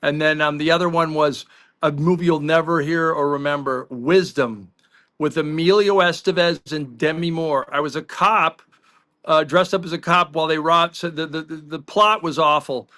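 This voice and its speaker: Middle-aged man, podcast co-host, bright higher voice, rambling storyteller. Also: fairly even intonation, normal speed. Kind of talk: casual podcast chat.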